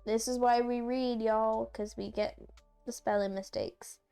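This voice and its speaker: A woman's voice: fairly high pitch, fairly even intonation, unhurried, gravelly, mellow, clean tone. A woman streamer reading her own fanfic aloud on a livestream, giggly and self-conscious, full of jokey asides. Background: faint music.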